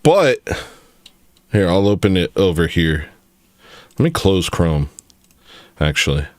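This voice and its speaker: A man hosting a casual livestream, rambling from joke to joke as he answers his chat. His pitch swings up and down a lot, and the sound is close and dry with no room echo. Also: big pitch swings, takes it slowly. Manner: rambling, joking, reacting to chat. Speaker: livestream host.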